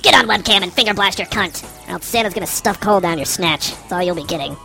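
A man's voice: sits high, fast talker, vocal fry, bright, forceful tone, faint music behind, voice pushed up, full character voice. A man voicing an evil, lewd male chatbot elf with a snarling, menacing delivery.

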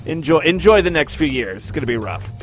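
A man's voice: on the high side, sing-song, brisk, faint music behind. A man hosting a crude comedy podcast, introducing clips with sarcastic quips. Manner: sarcastic, wisecracking. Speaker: podcast host.

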